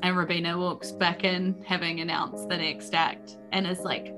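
A woman's voice: lowish voice, level tone, normal speed, few pauses, sharp tone, faint music behind. A woman narrating a tabletop game as game master in casual, filler-heavy talk.

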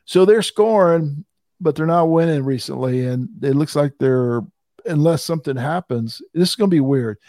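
A man's voice: fairly high pitch, animated, moderate pace, dark tone, no echo, studio quality. Chatty man hosting a sports podcast. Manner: chatty, laughs often. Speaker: podcast host. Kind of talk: casual sports talk.

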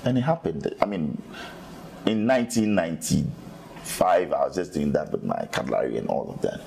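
Low gravelly Ghanaian man telling his story. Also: big pitch swings, normal speed, darkish tone, slight background noise, rough recording. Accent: Ghanaian English. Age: middle-aged. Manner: upbeat, earnest storytelling with frequent repeated starts. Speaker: interview guest, media executive. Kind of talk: candid sit-down interview.

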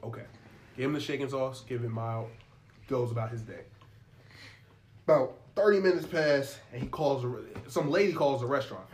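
A man's voice: mid-range voice, normal speed, pauses often, a little mellow, a little hiss or hum. A young man in casual chat, animatedly telling a profane work story and acting out both sides of the dialogue.

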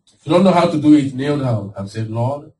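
A man preaching a lively sermon as pastor, laughing often and acting out voices of the people he describes. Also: mid-range voice, brisk. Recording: distant mic with faint background noise.

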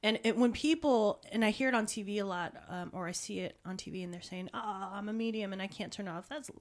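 A woman's voice: mid-range voice, fast talker. A woman who works as a psychic medium, chatting animatedly, often laughing and affirming the other speaker. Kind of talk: casual chat.

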